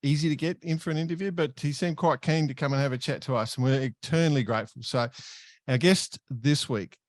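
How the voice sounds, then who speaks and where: A man's voice: a little high, brisk, dry recording, studio quality. A man, co-hosting a podcast, eager and given to laughing as he introduces the guest. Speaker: podcast co-host. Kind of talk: casual chat.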